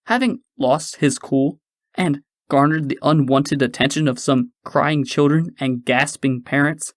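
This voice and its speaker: A man narrating a science-fiction audiobook in a measured storytelling manner. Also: on the high side, no echo, studio quality. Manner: measured storytelling, shifting into character voices.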